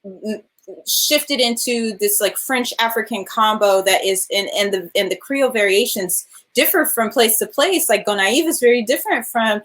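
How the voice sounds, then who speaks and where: A woman film director from California with a Californian accent, telling an animated story in a virtual interview and acting out what other people said. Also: fairly high pitch, moderate pace. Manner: animated, laughs often, acts out quoted voices. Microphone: video call.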